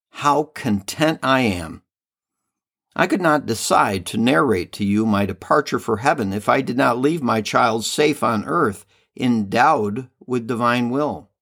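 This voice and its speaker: A man reading the part of a loving heavenly mother and queen, slow, solemn and tender, in a devotional reading. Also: mid-range voice, a bit bright.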